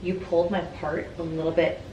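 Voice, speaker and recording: A woman with a raspy voice chatting casually and upbeat while her hair is styled, often trailing off mid-sentence. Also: lowish voice, flat delivery, fairly quick, lo-fi sound. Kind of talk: casual chat. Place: indoors at a rental home. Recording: echoey room, distant mic, background noise.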